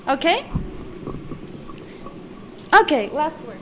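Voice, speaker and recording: Woman, high voice, patient pronunciation teacher in a live class, noisy recording. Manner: patient, corrective, repeats words slowly and precisely.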